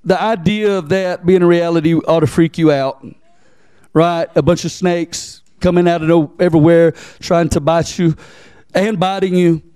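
High-voiced man preaching conversationally. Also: steady tone, normal speed, warm tone, clear, resonant tone, no room sound, studio quality. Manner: conversational preaching, frequent "right?" and "amen?" asides to the congregation; repeats words as he restarts sentences. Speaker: pastor. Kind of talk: sermon.

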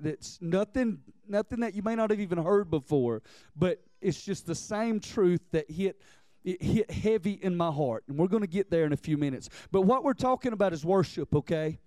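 A pastor of around forty preaches earnestly, frequently restarting his sentences as his intensity builds. His voice sits high and a bit mellow, recorded with no room sound.

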